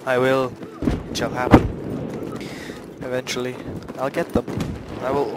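A man's voice: fairly high pitch, flat delivery, normal speed, pauses often, heavy background noise. A young man giving silly, rambling commentary while playing a shooter game, with frustrated outbursts, on a headset mic. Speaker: gamer. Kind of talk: gameplay commentary. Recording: loud gunfire game audio behind.

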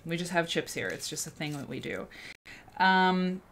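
A woman's voice: fairly low pitch, animated, moderate pace, a bit bright, slight background noise. A woman hosting a casual livestream, chatty and rambling, greeting viewers in the chat by name. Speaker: host.

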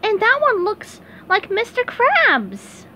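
A squeaky, excitable cartoon sea sponge, put on by a woman reading aloud. The voice sits far above a normal speaking pitch and comes out high and jittery, in a bright storybook style. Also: slow, heavily acted. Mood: cheerful.

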